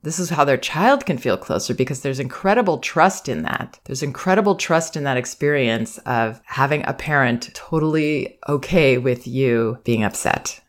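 A woman parenting educator giving calm, reflective advice in a monologue, sometimes acting out soothing phrases meant for a child. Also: a bass voice, moderate pace, few pauses. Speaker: parenting educator and podcast host.

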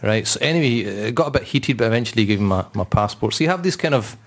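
A man's voice: medium pitch, fast. A man, an Islamic scholar, telling personal anecdotes on a panel and acting out the voices of the people in them. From Britain. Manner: animated, acts out voices in stories. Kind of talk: anecdotal storytelling.

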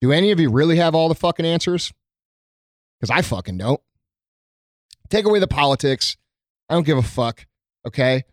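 A man's voice: fairly high pitch, lively intonation, moderate pace, pauses often, no echo, studio quality. Earnest, profane man talking straight. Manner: earnest and emotional, heavy swearing, many ums and restarts. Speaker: small business owner addressing his followers. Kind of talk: unscripted heartfelt monologue. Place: his company premises, indoors.

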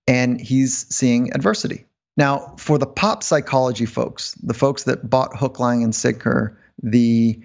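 A man as a podcast guest, explaining mental rehearsal with rambling, animated stories and frequent laughs. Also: mid-range voice, creaky, muffled recording. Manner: rambling, laughs often, quick asides. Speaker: podcast guest, performance psychologist. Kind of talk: animated interview storytelling.

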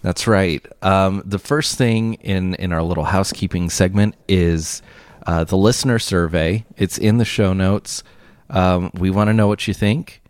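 A man's voice: deep voice, steady tone, unhurried, clear, resonant tone, no room sound. A man co-hosting a casual comedy podcast, teasing and laughing often. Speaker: podcast co-host.

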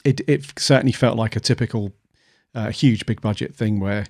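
A man's voice: fairly low pitch, moderate pace, darkish tone, dry recording, clean studio sound. A man co-hosting a podcast in casual chat, musing aloud with many fillers. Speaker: podcast co-host.

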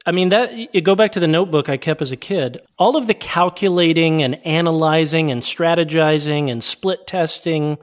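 A man guesting on a podcast interview, talking quickly and reflectively through personal anecdotes. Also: on the high side. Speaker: podcast guest, youth speaker. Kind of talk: casual interview chat.

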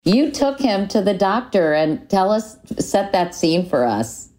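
A woman's voice: mid-range voice, very animated, unhurried, dark tone. A woman interviewing a guest, asking questions and steering the talk to new topics in a conversational way.

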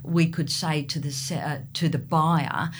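A middle-aged woman, a real estate agent, telling lively stories in a podcast interview and acting out the people she deals with. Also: low-pitched, a little slow, a little hiss or hum. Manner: animated storyteller, acts out buyers.

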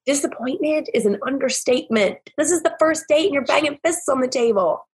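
A woman in her thirties from the American South, a podcast guest telling animated, exasperated stories with laughter. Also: sits high, moderate pace, few pauses, husky. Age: 30s. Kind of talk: casual storytelling chat.

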